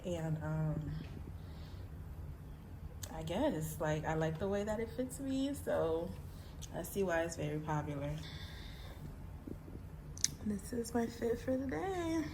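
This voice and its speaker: A woman's voice: lowish voice, very animated, takes it slowly, long pauses, background noise. A young woman talking casually and candidly to camera in a vlog, chatty and open. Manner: chatty, candid, says like a lot. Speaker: vlogger.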